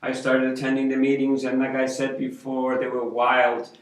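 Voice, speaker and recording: A man's voice: mid-range voice, completely flat delivery, normal speed. An older man, a street pastor, telling a rambling story in a casual, folksy way and dropping "man" into his sentences. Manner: rambling, folksy, hippie slang with frequent "man". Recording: echoey room, mic at a distance.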